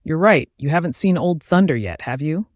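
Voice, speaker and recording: A man's voice: on the high side, animated, moderate pace, no room sound, studio quality, lightly acted. A man voicing a shabby, scarred old sailor who rambles ominous warnings in a cryptic, mocking way.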